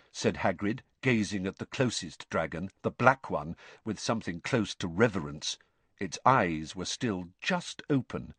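Male audiobook narrator, husky, animated pitch, dry close recording. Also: unhurried, no echo. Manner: steady storytelling, shifts into character voices.

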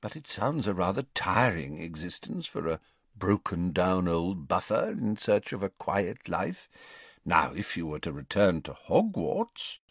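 A man voicing a very old male wizard who speaks calmly and serenely, with dry, gentle irony. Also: deep voice, unhurried, husky, no echo, heavily acted.

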